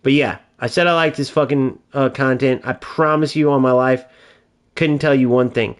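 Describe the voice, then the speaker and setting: A man's voice: mid-range voice, fairly even intonation, normal speed. A man streaming a video game, ranting in casual, profane commentary.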